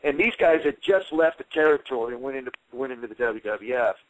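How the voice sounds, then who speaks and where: A man's voice: mid-range voice, fast, no echo, low-quality recording. A man in his forties, an interview guest and former fighter, telling a heated story and acting out what people said. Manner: animated, heated retelling with acted-out quotes.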